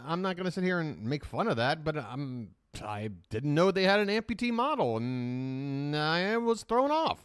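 A man's voice: a little high, normal speed, few pauses, clean tone, dry recording, clean studio sound. Rambling, swearing male stream host. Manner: rambling, profane, animated. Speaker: live-stream reaction host. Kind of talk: casual reaction commentary.

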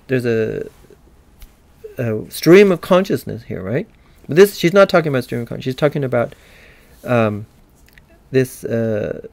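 American male lecturer, gravelly, rambling with fillers, dry close sound. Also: medium pitch, no room sound. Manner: digressive, halting, with many fillers. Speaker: literature lecturer. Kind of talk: recorded university lecture.

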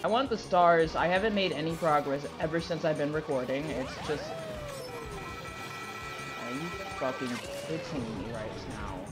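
A woman's voice: deep voice, moderate pace, music in the background. A young woman giving live commentary on her own racing game play, swearing, stammering and breaking into frustrated outbursts. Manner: stammering restarts. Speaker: gaming video creator.

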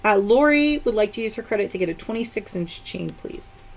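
Lively animated woman hosting a live sale. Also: mid-range voice, a little fast, gravelly. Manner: chatty, greets viewers by name, counts aloud. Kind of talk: live-stream sales chat.

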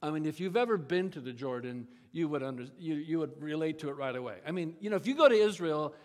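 Guy pastor preaching, lively storytelling, plays out the quotes, echoey sanctuary. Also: fairly high pitch, quick pace. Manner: animated storytelling, acting out quotes. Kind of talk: sermon. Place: church sanctuary. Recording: church hall reverb.

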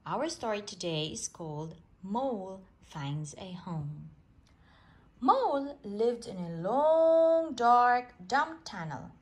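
A woman reading a bedtime story aloud in a slow, gentle and expressive way. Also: mid-range voice.

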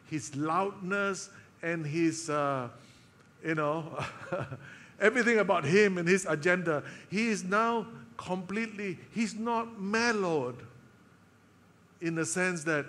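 A man preaching a sermon, telling a story with emotional pauses and dropping to a soft voice for quoted lines. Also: fairly high pitch, long reverb tail, slight background noise. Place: church hall.

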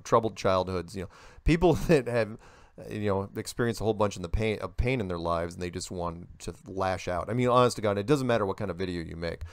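Older male interview guest: gravelly, low, animated, dry recording. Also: dry recording. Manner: animated storyteller, acts out quoted voices. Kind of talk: casual conversational interview.

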